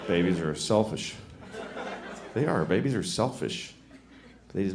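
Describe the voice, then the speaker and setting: Wry stand-up comic in a roomy club. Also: male voice, lowish voice, sing-song, normal speed, pauses often. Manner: wry, exasperated, acting out voices. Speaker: stand-up comedian. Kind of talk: stand-up comedy set. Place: comedy club stage. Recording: roomy club recording with crowd noise. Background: audience laughter.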